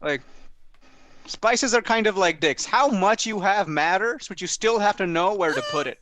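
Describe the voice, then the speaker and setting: A man's voice: sits high, expressive, normal speed, fairly bright tone, a little hiss or hum. A man doing a sardonic stand-up set at a small open mic, mocking people with put-on voices. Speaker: stand-up comedian.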